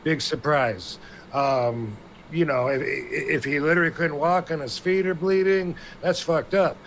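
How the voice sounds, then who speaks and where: A man's voice: a little high, a little slow, creaky, fairly bright tone, slight background noise. A man co-hosting a podcast, talking in a rambling, blunt and profane way. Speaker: podcast co-host. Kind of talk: casual podcast chat.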